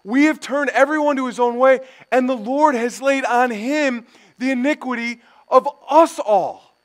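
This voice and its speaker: A man pastor preaching a sermon, building from quiet stretches to loud, emphatic passages. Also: very high voice, measured pace.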